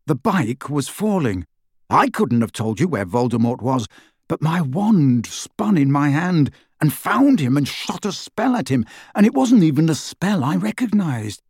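Frustrated teen boy, read by a male narrator, strained and louder, lively pitch. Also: unhurried, husky, no room sound, studio quality, full character voice. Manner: strained, raised voice. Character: teenage boy hero, tense and frustrated.

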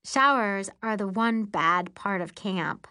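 A woman's voice: medium pitch, slow, pushed and bright. A woman voicing a chatty, eager teen girl at camp in an audiobook. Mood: chirpy.

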